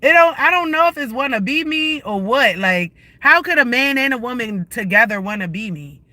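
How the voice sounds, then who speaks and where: Very high, sharp-voiced man, heated livestream rant, confrontational and profane. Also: lively intonation, normal speed, no echo. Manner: confrontational, profane, repetitive questioning.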